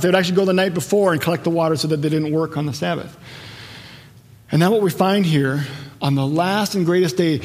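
A man's voice: high voice, long reverb tail. A man preaching a sermon, telling the story in a conversational way that builds to emphatic peaks. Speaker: pastor.

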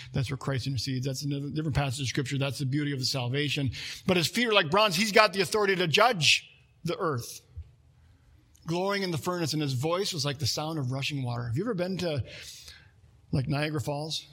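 A man's voice: fairly high pitch, a bit bright, husky. A middle-aged man from Minnesota preaching a sermon in a conversational way, with asides and jokes. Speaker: pastor.

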